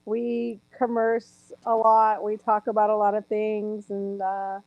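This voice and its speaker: Woman on a stream call, flat steady voice, kinda dull lo-fi audio. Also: medium pitch, slow pace, dry recording. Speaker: guest auditor. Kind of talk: casual live-stream chat.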